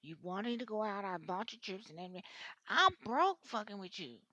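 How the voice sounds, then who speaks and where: A woman's voice: mid-range voice, sing-song, brisk, sharp tone, no room sound. A woman voicing a fed-up man who is ranting that he went broke paying for his partner. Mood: exasperated. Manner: exasperated, complaining.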